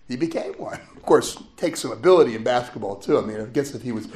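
A man from the States, preaching a sermon in a lively call-and-response manner and chuckling often. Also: mid-range voice, fairly quick, slight background noise. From Southern United States.

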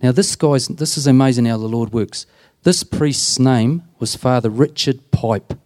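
A deacon serving as a prison minister speaks in an interview, earnestly relating stories in plain words and playing out the dialogue. His mid-range voice is a little slow and a little mellow.

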